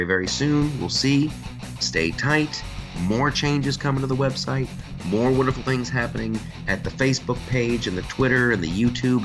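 A man hosting a podcast, joking and ranting in casual political chat. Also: medium pitch. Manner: joking, ranting, animated asides. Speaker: podcast host.

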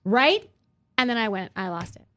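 A woman's voice: on the high side, normal speed. A woman in her thirties, a guest in casual chat, telling stories animatedly with many restarts. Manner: animated storytelling, frequent restarts.

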